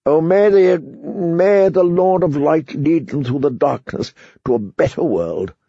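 A man voicing a frightened, pompous older high-born lord who pleads in a shrill voice. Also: animated, unhurried, warm tone, husky, no room sound, dull audio, full character voice. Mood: fussy, self-pitying. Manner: shrill pleading, then fussy self-pity.

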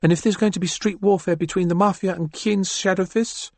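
A man's voice: sits high, fairly even intonation, brisk, darkish tone, dry recording, pitched above the performer's own voice. A man voicing a composed, calculating woman bar owner in a firm, businesslike manner, reading an audiobook. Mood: musing. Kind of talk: audiobook character voice.

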